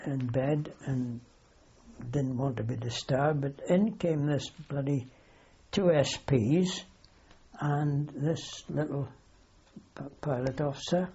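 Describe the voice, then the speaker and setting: An older man with a gravelly, husky and dark voice recalls his wartime service in an oral history interview. He tells the story in a rambling way, correcting himself with dry humour. The recording is dull and lo-fi. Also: mid-range voice. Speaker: wartime aircrew veteran interviewee.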